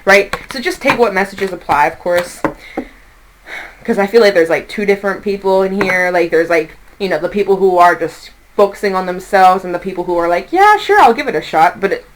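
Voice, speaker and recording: A woman's voice: on the low side, fairly even intonation, brisk, a little hiss or hum, rough recording. A woman giving a casual tarot reading, chatty and reassuring, laughing now and then and swearing lightly. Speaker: tarot reader.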